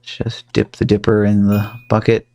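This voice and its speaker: Gravelly joking game streamer man. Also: fairly low pitch, completely flat delivery, unhurried, darkish tone. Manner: chatty, joking. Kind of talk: let's-play commentary.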